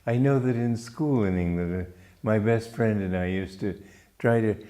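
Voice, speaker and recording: A man from Romania, a spiritual teacher giving a gentle, unhurried reflective talk with small restarts. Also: medium pitch.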